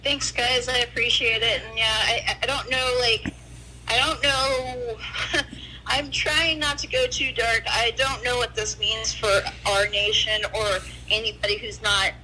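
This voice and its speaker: A woman in grief calls in to a casual podcast chat. Her voice is high and bright, and she takes her time. She speaks bluntly and from the heart, swearing freely. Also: steady tone, a little slow, a little hiss or hum, low-quality recording. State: grieving. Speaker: guest on the line.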